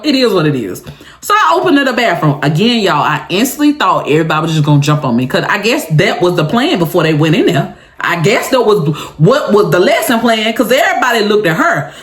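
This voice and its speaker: A woman's voice: on the high side, echoey room. A young woman, telling a dramatic school story in a casual vlog, laughing often. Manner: animated, laughing, dramatic retelling. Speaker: storytime vlogger.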